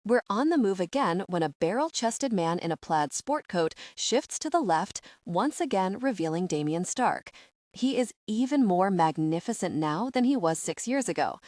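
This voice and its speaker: A young adult woman narrating a first-person romance audiobook in a measured, expressive storytelling manner. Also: mid-range voice, no echo, clean studio sound.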